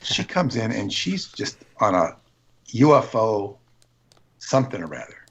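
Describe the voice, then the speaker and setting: Man, husky and muffled, rambling storyteller with lots of restarts, casual livestream guest. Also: fairly low pitch, sing-song, a little slow, fairly bright tone. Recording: dull lo-fi stream audio.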